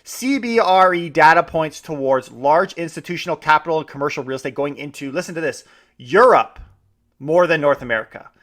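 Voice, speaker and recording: High-voiced, enthusiastic man. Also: a little fast, a bit bright. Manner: enthusiastic, chatty, frequent restarts. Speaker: podcast host. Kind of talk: casual podcast commentary.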